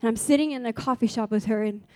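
A woman's voice: on the high side, quick pace, darkish tone, no room sound, soft background music. A woman preaching a sermon to a congregation, sharing personal testimony in an earnest way that builds to fervent exhortation. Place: gathering room with a congregation.

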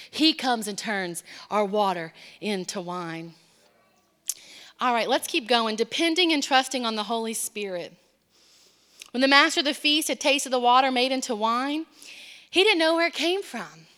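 A woman preaching a sermon in a church, impassioned, moving between hushed, quiet passages and emphatic, building lines. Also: a little high, long reverb tail. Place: church sanctuary.

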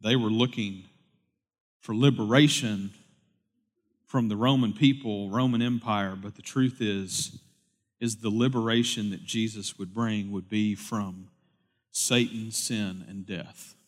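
Man pastor, sermon, loud preaching eases into relaxed anecdotes; reverberant hall. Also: fairly low pitch, unhurried. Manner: swings from loud preaching to quiet storytelling.

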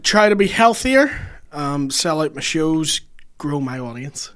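A comedian chatting as a podcast guest, his voice sitting a little higher than most men's. He trades dry, self-deprecating quips in a relaxed back-and-forth. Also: measured pace. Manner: wry, self-mocking jokes. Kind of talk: casual podcast chat.

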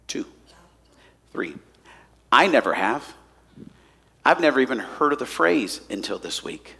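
A man preaching a sermon to a congregation as pastor, animated and swinging between hushed asides and loud emphasis. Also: mid-range voice, breathy edge. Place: church hall before a congregation.

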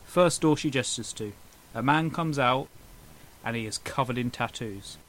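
A man's voice: mid-range voice, normal speed, a bit bright, rough recording. Guy making up a dumb story for his buddy on a podcast, keeps cracking himself up. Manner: laughs at his own silly story. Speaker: storyteller in an improvised comedy game. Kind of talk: improvised comedy podcast chat.

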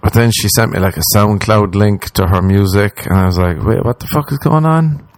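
A young Irish man, a comedian and podcast host, rambles through a story, swearing freely and putting himself down. His voice sits on the lower side. The sound is close and dry, with no room around it. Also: normal speed, no room sound. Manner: rambling, profane, self-deprecating. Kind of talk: casual storytelling monologue.

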